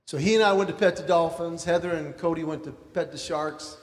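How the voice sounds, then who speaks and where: Animated storytelling dad in a hall. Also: male voice, fairly high pitch, fairly quick. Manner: animated, acts out voices in his story. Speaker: father telling a story. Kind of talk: storytelling sermon illustration.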